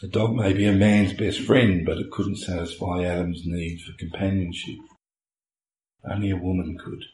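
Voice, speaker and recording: A man's voice: low-pitched, a little mellow. A man preaching a sermon as a pastor, explaining earnestly with homely everyday illustrations, recorded in a church. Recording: echoey room with faint hiss.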